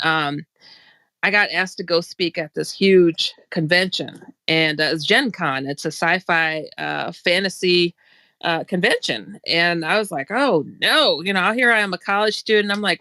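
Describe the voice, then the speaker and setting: A woman tells a personal story on a casual talk stream, bright and lively, her pitch jumping up whenever she acts out what someone said. The sound is dry and close, with no room around it. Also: normal speed, dry recording. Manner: animated, laughs often, acts out quotes with rising pitch. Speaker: show host telling a personal story.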